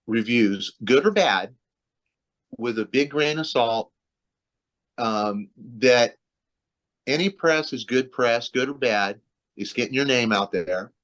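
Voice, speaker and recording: This man's mid-range voice has a fairly bright tone. As a guest on a casual video-call interview, the metal singer rambles loosely about his career, full of restarts and fillers.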